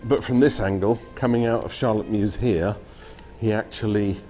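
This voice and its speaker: Chatty man with a low, mellow voice. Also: fairly even intonation, normal speed, faint music behind. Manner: chatty, chuckles often. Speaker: vlogger touring film locations. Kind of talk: casual walking vlog narration. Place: outdoors on city streets.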